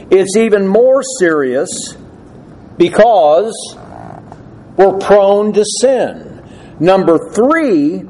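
A man's voice: high voice, mellow, low-quality recording. A male preacher giving an earnest, emphatic expository sermon laid out in numbered points.

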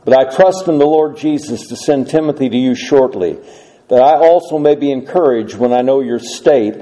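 A man's voice: on the high side, dark tone, rough recording. Man preaching with a slight lisp. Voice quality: occasional slight lisp from a dental implant. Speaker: pastor. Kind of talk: sermon with scripture reading.

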